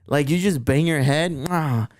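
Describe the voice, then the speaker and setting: A man's voice: mid-range voice, lively intonation, moderate pace, darkish tone. A young man co-hosting a podcast, joking in casual chat and full of slang. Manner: joking, slangy, says bro. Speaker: podcast co-host.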